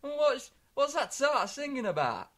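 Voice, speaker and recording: A man voicing his older dad, who exclaims loudly and slowly in exasperation. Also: very high voice, sing-song, pitched above the performer's own voice, heavily acted. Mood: indignant. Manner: loud, slow, exasperated exclaiming. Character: gruff older Yorkshire dad, easily shocked.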